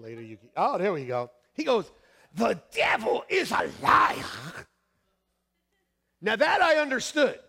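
Animated high-voiced male pastor, gravelly. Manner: animated, acts out voices with shouts and laughs. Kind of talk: storytelling sermon. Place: church sanctuary. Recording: long hall reverb.

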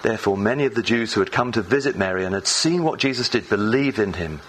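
A man's voice: lowish voice, lively intonation, quick pace, a bit bright, slight background noise, rough recording. A man preaching a sermon in church, reading scripture and talking to the congregation in a loose, conversational way with fillers and restarts.

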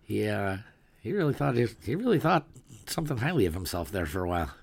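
A man's voice: on the low side, very animated, fast, vocal fry, breathy edge. A man co-hosting a podcast, chatting casually and laughing along easily. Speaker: podcast co-host. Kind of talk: casual chat.

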